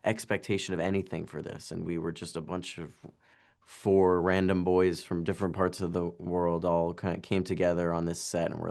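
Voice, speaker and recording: Deep and gravelly, this twenty-something actor's voice carries a casual, chatty interview full of fillers, "like," and halting restarts.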